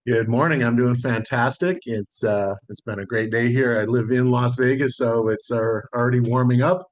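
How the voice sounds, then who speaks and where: A middle-aged man, a solar sales consultant, telling a relaxed story in a podcast interview and acting out the dialogue. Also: mid-range voice, moderate pace. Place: Las Vegas.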